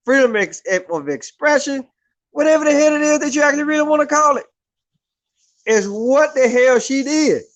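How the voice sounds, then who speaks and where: High-voiced man ranting heatedly. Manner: heated, repetitive, keeps asking "right?". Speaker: vlogger. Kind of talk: profane opinion rant.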